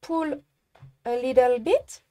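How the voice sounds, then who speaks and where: A woman from France with a French accent, a native French speaker, teaching embroidery in a live-streamed tutorial and often halting to search for English words. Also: high-pitched, dark tone.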